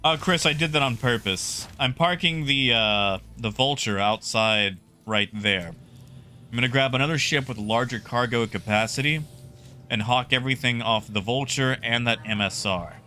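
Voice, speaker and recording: Excitable male game streamer, bright voice. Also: mid-range voice, normal speed. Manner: excitable, talks to chat, repeats himself. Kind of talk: live gameplay commentary.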